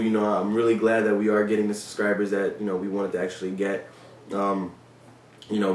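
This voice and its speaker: A man's voice: on the low side, a little mellow, recorded from a distance, slight background noise. A man who is a former police officer tells stories in a casual, loose vlog style. He swears freely and fills his talk with "you know" and "like.". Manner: loose and profane, with many fillers. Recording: roomy sound from away from the mic.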